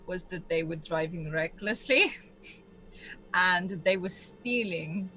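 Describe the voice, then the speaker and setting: A woman playing in a tabletop game, chatting casually in a giggly, halting way. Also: lowish voice, pushed and bright, faint music behind, rough recording. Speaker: player.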